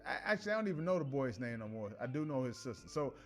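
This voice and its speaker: A man hosting a casual commentary show, telling stories in an animated way with slang and frequent laughs. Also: mid-range voice, fast, faint music behind. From Chicago. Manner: animated, laughs often, many restarts and slang.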